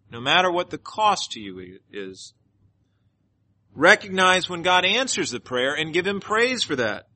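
A male pastor preaching, telling a story in an animated way and leading a closing prayer. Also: high-pitched. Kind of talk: sermon with personal storytelling.

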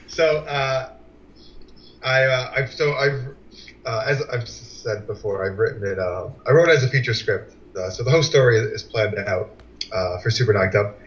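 A podcast co-host, male, who talks in a halting, filler-laden way as he thinks out loud. His voice is mid-pitched, and the recording sounds a little dull and lo-fi. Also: slight background noise. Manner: hesitant, filler-heavy. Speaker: podcast co-host and show writer. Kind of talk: casual chat.

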